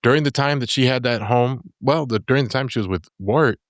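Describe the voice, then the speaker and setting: A man's voice: medium pitch, brisk, no echo, clean studio sound. A man on a casual podcast, laying out a story in an easygoing, rambling way. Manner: easygoing, rambling with fillers and restarts. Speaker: podcast presenter.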